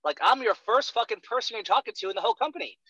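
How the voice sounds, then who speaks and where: A man's voice: high-pitched, lively intonation, racing, sharp tone, breathy edge, no echo. A young man coaching a trainee in sales, talking bluntly with lots of swearing and a constant "right?", on a dull lo-fi recording. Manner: profane, emphatic, keeps asking "right?". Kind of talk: blunt one-on-one coaching talk.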